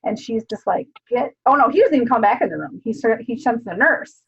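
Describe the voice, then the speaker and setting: A woman with a gravelly, husky voice co-hosts a casual book club chat. She retells scenes in an animated way, laughing and swearing. The sound is dull and lo-fi. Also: a little high, quick pace.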